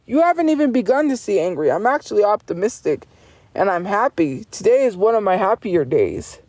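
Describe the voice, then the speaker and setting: Woman, livestreamer, profane, defiant, repetitive ranting, mid pitch, dry close sound. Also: sing-song, normal speed, darkish tone, dry recording. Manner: profane, insistent, defiant, repeats herself. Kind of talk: livestream rant at chat.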